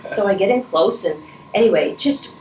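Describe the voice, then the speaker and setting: Recorded at a distance in an echoey room with faint noise, this interview guest speaks at normal speed in a medium-pitched, darkish voice with lively intonation. She's a middle-aged Rotary vice president, earnest and emotional, with many restarts and moments where she chokes up.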